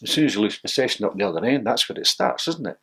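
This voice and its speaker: Older Scottish man, ex-footballer, anecdotal and lively, a little husky. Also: lowish voice, racing. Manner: storytelling, laughs often, acts out quotes. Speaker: former footballer interviewee. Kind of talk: reminiscing interview.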